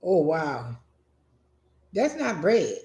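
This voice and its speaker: A man telling a profane, animated story in a casual rant, acting out what people said. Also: fairly high pitch, very slow. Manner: profane, animated, acts out quotes. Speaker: vlogger. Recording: echoey room.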